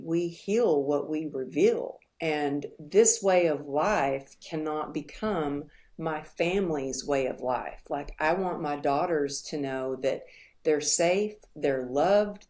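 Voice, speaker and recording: Middle-aged woman guest, low register, earnest and reflective, halting now and then. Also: a little mellow. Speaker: podcast guest. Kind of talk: candid interview storytelling.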